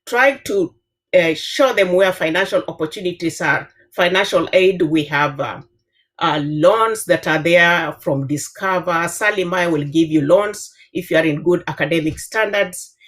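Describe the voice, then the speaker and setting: Kenyan-accented female professor, 50s, slightly low voice, earnest and advisory, halting with fillers. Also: a bit bright. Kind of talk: panel discussion answer.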